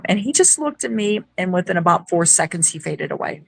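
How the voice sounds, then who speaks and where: A woman guest, a paranormal investigator, talks a little fast in a lowish voice with vocal fry. The audio is poor and dry. She tells her story casually and with liveliness, playing out the quoted dialogue.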